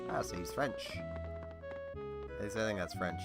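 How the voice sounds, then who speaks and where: A man's voice: fairly low pitch, expressive, moderate pace, gravelly, long pauses, music in the background. A young man chatting casually while playing a game, rambling and laughing often. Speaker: let's-player. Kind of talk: casual gameplay commentary.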